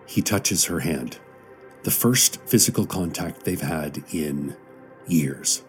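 A man with a very deep voice narrates a scripted story, unhurried and measured. Soft music plays quietly behind him. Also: expressive. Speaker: narrator and radio host.

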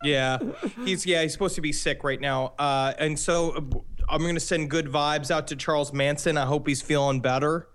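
A man's voice: on the high side, fairly even intonation, moderate pace, fairly bright tone, a little hiss or hum. A man co-hosting a comedy podcast, talking in a rambling, joking way. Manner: rambling, jokey. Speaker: podcast co-host. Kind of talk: casual comedic chat.

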